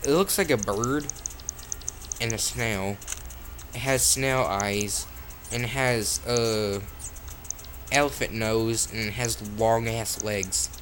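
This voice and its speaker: A man's voice: lowish voice, takes it slowly, long pauses, fairly bright tone, soft background music. A man playing a phone game, swearing constantly as he comments, with sudden frustrated outbursts, recorded on the phone's own mic. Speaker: mobile gamer. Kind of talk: profane let's-play commentary.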